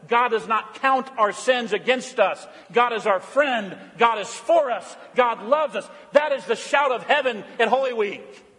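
Pastor, male, high and husky voice; big shifts from proclaiming to hushed; church hall echo. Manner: dramatic swings from loud proclaiming to hushed intensity. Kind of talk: sermon. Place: church sanctuary. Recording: long church hall reverb.

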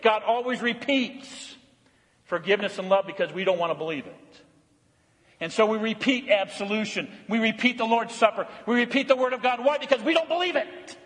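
A man preaching a sermon, swinging between loud, emphatic declarations and soft, hushed tenderness, repeating phrases for emphasis. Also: sits high, brisk, long reverb tail. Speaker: pastor. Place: church.

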